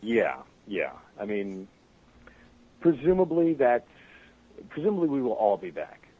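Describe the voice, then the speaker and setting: A man's voice: medium pitch, sing-song, a little slow. A man who works as a voice actor, telling stories animatedly with frequent laughs in a casual interview. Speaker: voice actor guest. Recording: muffled podcast audio with faint noise.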